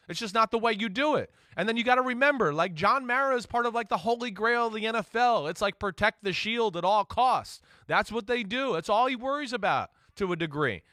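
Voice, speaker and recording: A man's voice: sits high, sharp tone, no echo, studio quality. A man co-hosting a sports talk show, talking in a conversational, earnest way with lots of fillers. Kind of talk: casual studio sports talk.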